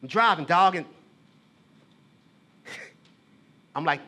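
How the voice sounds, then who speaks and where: A man with a high, bright, forward voice performs a confessional storytelling monologue. He talks casually and in slang, as though to a brother, and his delivery is emotional and halting. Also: expressive. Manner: casual street talk, addressing a brother with "bro" and "man". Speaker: theater artist and poet.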